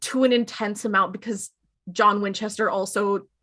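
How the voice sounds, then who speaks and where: A woman's voice: medium pitch, steady tone, normal speed, bright, forceful tone. Chatty woman podcast co-host. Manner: chatty, filler-heavy, retells scenes with quoted lines. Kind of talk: casual podcast recap chat.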